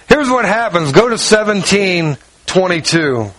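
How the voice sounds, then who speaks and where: Here a man's sing-song voice, a bit bright and at normal speed, delivers a sermon. He's a pastor telling a homespun personal story, performing quoted lines, reading scripture, and lowering his voice for asides. The recording quality is low.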